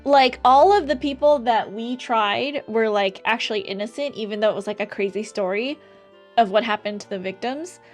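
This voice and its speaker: A laid-back woman streamer with a fairly high voice chats and giggles between game lines. Her talk is easygoing and relaxed. Faint music plays in the background. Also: moderate pace. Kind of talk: casual chat while playing a game.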